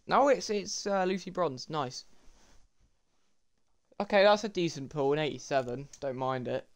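A young man, commentating his game pack openings in an excitable way and talking to viewers as lads and boys. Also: a little high, measured pace. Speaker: gaming YouTuber.

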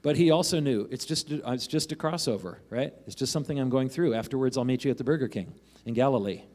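A man's voice: medium pitch, fast, a little mellow. A man preaching a sermon as a pastor, in a conversational way, often asking "right?" and acting out the voices of the people in the passage he reads.

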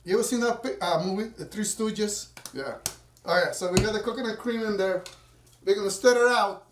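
Talking a little fast in a high voice, a home cocktail maker rambles casually to viewers as he makes a drink for his cooking vlog. The sound is roomy and from far off the mic, with slight background noise.

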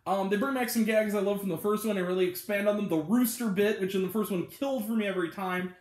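A man's voice: high-pitched, fast, a little mellow. A man hosting his own channel, giving a casual spoken movie review, rambling and chatty with lots of filler words and little laughs. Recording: roomy echo.

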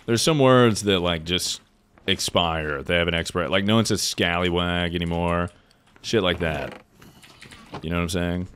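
Deep-voiced young man chatting on stream. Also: moderate pace, smooth. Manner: loose and joking, swears freely, answers chat out loud. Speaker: livestreamer playing a game and reading chat. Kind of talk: casual stream chat.

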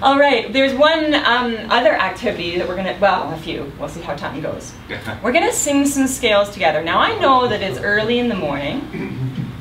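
A woman leading a group voice workshop as an upbeat, encouraging guest speaker, in a meeting room. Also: a little high. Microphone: distant room mic. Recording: roomy, distant, noisy room recording.

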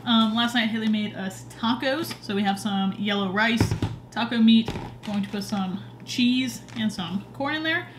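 A young woman chats to her camera at home in a loose, rambling way, with plenty of ums and restarts. Her voice sits a little on the high side. She sounds relaxed and conversational, talking straight to her viewers. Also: measured pace, noisy background. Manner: rambling, chatty, lots of fillers. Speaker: vlogger. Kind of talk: casual vlog chat. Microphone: camera on a short tripod.

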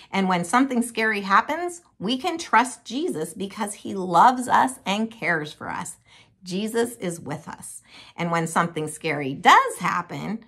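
A woman telling a Bible story to young children in an animated, sing-song manner, like a children's Bible teacher. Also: mid-range voice, breathy edge.

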